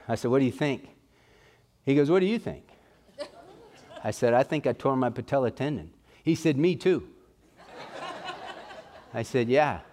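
A middle-aged man preaching a sermon in a folksy, conversational way, telling personal stories. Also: medium pitch.

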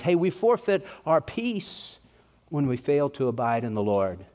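Earnest East Texas preacher. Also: male voice, mid-range voice, sing-song, a little slow, darkish tone. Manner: earnest, pleading, with swinging emphasis. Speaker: pastor. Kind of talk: sermon.

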